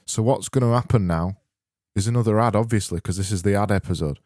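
A male podcast co-host speaking in a dry, deadpan, self-mocking manner. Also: lowish voice, quick pace, dry recording.

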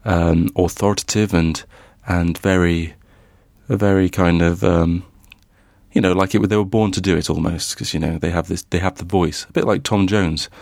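A man's voice: low-pitched, steady tone, normal speed, vocal fry, a little mellow, no room sound. A man co-hosting a podcast, chatting casually and hesitantly, full of restarts. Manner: hesitant, many fillers and restarts. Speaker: podcast co-host. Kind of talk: casual chat.

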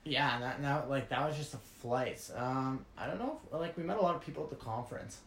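A man's voice: medium pitch, fast talker, a bit bright. Casual man telling a story, echoey room. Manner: storytelling, laughs when amused. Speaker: podcast co-host. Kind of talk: casual chat.

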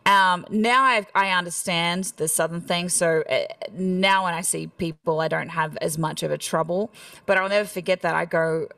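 A woman's voice: on the low side, steady tone, moderate pace, vocal fry, pushed and bright, no room sound, recorded from a distance. Chatty young Australian country singer woman. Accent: rural Australian. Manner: chatty, laughs often, self-deprecating. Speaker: country music artist, guest. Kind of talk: casual interview chat.

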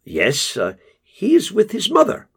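A man putting on a flat, stilted caller, high and husky. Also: a little slow, heavily acted. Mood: evasive. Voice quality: flat, formal phrasing. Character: stilted, evasive man on the phone.

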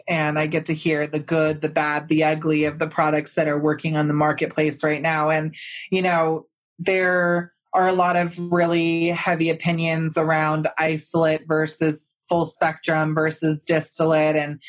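A woman hosting a podcast, chatting candidly and animatedly, often laughing through her words. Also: low-pitched. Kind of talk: casual podcast conversation.

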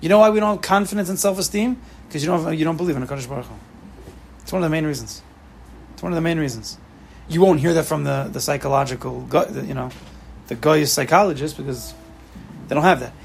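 A man's voice: on the high side, quick pace, vocal fry, long pauses, slight background noise. A man giving an informal class to students, emphatic, repeating key phrases and mixing in Hebrew and Yiddish terms. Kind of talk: informal lecture with questions to students.

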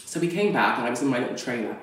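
Her voice rumbles low with lively intonation, and she talks very fast. An actress guesting on a podcast, she tells a personal story frankly and animatedly with frequent laughter, recorded off mic on a distant microphone in a very echoey room.

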